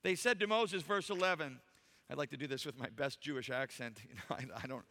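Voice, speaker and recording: A man's voice: medium pitch, a little fast, pushed and bright, big-room sound. A man preaching a sermon in a church, emphatic and full of rhetorical questions to the congregation. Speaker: pastor. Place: church sanctuary.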